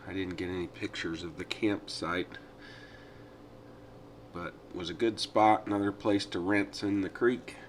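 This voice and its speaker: Deep-voiced man narrating his ride, easygoing. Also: flat delivery, unhurried, long pauses, slight background noise. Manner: easygoing, rambling, with frequent fillers. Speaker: adventure riding vlogger. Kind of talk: casual voice-over narration of ride footage.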